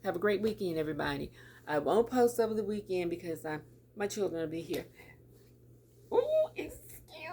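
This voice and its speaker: A middle-aged woman chats to her camera about her day, her voice low and gravelly with a bit of fry. She talks loosely, repeats words and laughs often, with a faint hiss in the background. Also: fast, dark tone. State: teary. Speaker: vlogger. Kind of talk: casual talk to camera.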